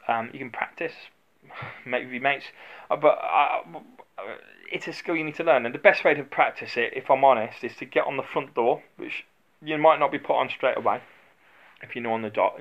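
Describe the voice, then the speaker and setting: A man's voice: medium pitch, lo-fi sound. A middle-aged former doorman giving blunt, rambling advice in a casual vlog, full of fillers and restarts. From United Kingdom.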